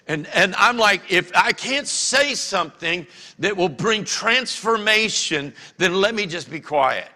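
A middle-aged pastor preaching in a folksy, animated way, his voice high-pitched and bright. It rings with the long reverb of a church sanctuary. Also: measured pace. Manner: folksy, animated storytelling with acted-out quotes. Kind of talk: sermon.

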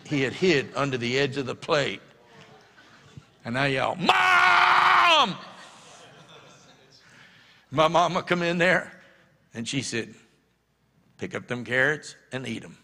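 A middle-aged man, the pastor, delivers a sermon full of folksy stories and frequent laughter, his medium-pitched voice bright and forceful. The church sanctuary carries a long hall reverb.

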